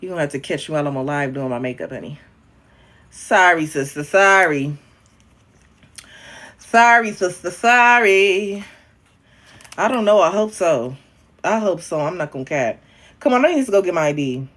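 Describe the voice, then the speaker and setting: A young man chatting casually on a livestream, frank and profane, calling viewers honey and babe, his voice jumping up and down in pitch and loudness. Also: big pitch swings, quick pace. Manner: talks directly to viewers, calling them honey, babe and queen. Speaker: livestreaming social media creator.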